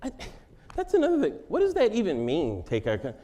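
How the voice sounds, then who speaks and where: A man's voice: sits high, wildly swooping pitch, a little fast, dark tone. A man answering interview questions in a joking, conversational way, laughing often. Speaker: interview guest.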